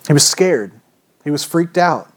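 Male preacher, slightly high voice, casual and emphatic, asks the congregation questions. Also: animated, a little slow. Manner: conversational, emphatic, rhetorical questions. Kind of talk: sermon.

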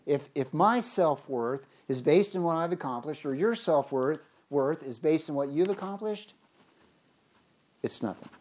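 Preacher, sermon, scripture reading, emphatic, swinging pitch and volume, frequent restarts. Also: lively intonation, measured pace, a little mellow. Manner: stumbles and restarts words mid-phrase.

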